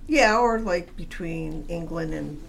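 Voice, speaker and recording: A woman's voice: lowish voice, lively intonation, slow, vocal fry. A woman co-hosting a podcast, adding short remarks and corrections to a movie recap. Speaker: podcast co-host. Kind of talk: casual movie recap chat.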